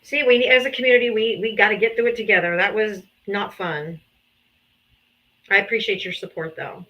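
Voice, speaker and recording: Bright-voiced woman livestreamer thanking donors. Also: medium pitch, steady tone, moderate pace, lo-fi sound. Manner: emotional, grateful, breaks into laughs and sighs. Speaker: livestream host reading donations. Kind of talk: casual livestream thank-yous. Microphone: streaming setup.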